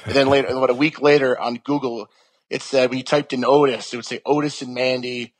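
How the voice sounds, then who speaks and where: A man's voice: medium pitch, steady tone, quick pace. A young man chatting casually as an interview guest, rambling with lots of restarts and fillers.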